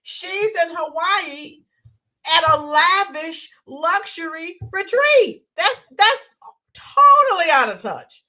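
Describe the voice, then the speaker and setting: Woman streamer, high and bright, very lively, chatty commentary that reads out viewer comments. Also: slow pace. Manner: animated, reads viewer comments aloud, greets viewers warmly. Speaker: political livestream co-host. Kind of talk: casual political commentary livestream.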